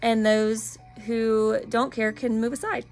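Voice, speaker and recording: A woman's voice: a little high, flat delivery, slow, a little mellow, soft background music. A woman in her thirties, a spiritual wellness practitioner, talking in a casual vlog monologue, earnest and encouraging and openly personal.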